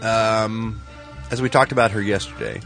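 A man's voice: fairly low pitch, steady tone, moderate pace, creaky, fairly bright tone, faint music behind. A man giving the showbiz report on a morning radio show, sardonic and bluntly opinionated in casual banter.

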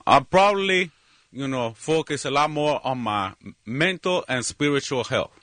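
A man doing a comedy impression of a male baseball player, telling outrageous stories in a flat, matter-of-fact way. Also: mid-range voice, normal speed, dry recording, natural voice. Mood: deadpan. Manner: deadpan, tells outrageous stories matter-of-factly. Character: absurd deadpan Cuban male baseball player.

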